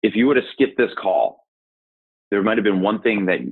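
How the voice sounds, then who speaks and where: A man gives emphatic, repetitive pep talk on a group video call. His voice is husky. The sound is squeezed thin like an old phone line. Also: fairly low pitch, moderate pace. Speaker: interview guest, startup sales coach.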